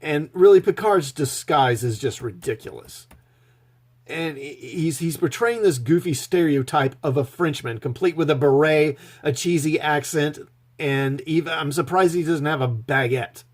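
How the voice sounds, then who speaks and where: A man's voice: a little high, normal speed. A man recapping a TV episode in a casual, sarcastic, mocking tone. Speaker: show reviewer.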